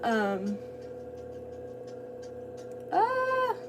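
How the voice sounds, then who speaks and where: A woman's voice: very high-pitched, huge pitch swings, very slow. Rambling woman chatting from a distance. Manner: rambling, thinks aloud while working. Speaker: ceramic artist livestreaming. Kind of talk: casual livestream chat while working. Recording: distant mic with background noise.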